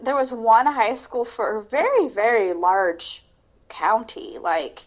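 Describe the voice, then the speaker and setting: A woman's voice: a little high, lively intonation, slow pace. A woman co-hosting a podcast, chatting casually about a film with lots of fillers and restarts. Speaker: podcast co-host. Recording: dull lo-fi sound.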